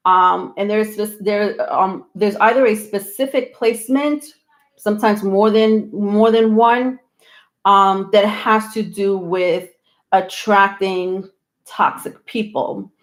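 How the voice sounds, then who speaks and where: A woman hosting a tarot live stream, talking casually, a little out of breath, rambling with many pauses and restarts. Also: mid-range voice, steady tone. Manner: rambling, many ums and restarts, laughs often. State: slightly out of breath.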